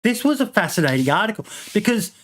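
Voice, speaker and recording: A man's voice: high-pitched, sing-song, quick pace, a bit bright. A man hosting a casual podcast, rambling with many ums and restarts and casual swearing. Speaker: podcast host.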